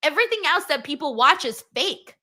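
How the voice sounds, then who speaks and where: Young female co-host, bright and a touch high, playful, laughs a lot, swears casually. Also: sing-song, a little fast. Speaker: co-host of a wrestling watchalong stream. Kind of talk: casual chat.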